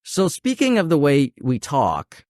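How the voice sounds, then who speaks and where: A man with an Ottawa Valley country twang hosting a podcast, a chatty storyteller who talks to his listeners in a casual, animated way. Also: a little high, measured pace, dry recording, studio quality. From Ottawa Valley region, Canada. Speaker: podcast host. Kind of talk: casual interview chat.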